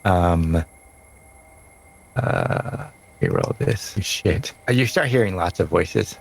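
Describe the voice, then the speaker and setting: Brief: male game master, relaxed, drawn-out scene-setting, chuckles between lines. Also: sits low, vocal fry, a little hiss or hum, low-quality recording. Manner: slow descriptive narration with laughs. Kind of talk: narrating a tabletop game.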